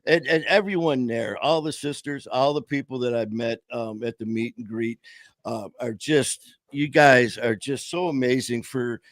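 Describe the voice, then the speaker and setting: A man's voice: medium pitch, a little slow. A man hosting a casual live stream interview, talking in long runs full of fillers and restarts. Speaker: host. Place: home studio on a live stream call.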